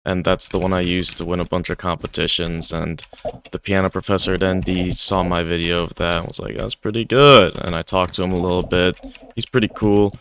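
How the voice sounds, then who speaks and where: A man's voice: low-pitched, level tone, brisk, fairly bright tone, a little hiss or hum. A young man chatting casually over gameplay, rambling with lots of "like". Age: young adult. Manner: rambling, heavy use of "like". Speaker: gaming YouTuber. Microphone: desk microphone.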